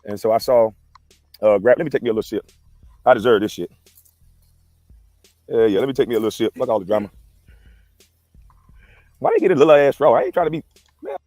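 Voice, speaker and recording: Man, fast rambling chat, cursing, headset mic, outdoors, dry close sound. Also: mid-range voice, very animated, a little mellow, dry recording, faint music behind. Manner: rambling, cursing, quick talk. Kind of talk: casual livestream chat. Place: outdoors in the wind.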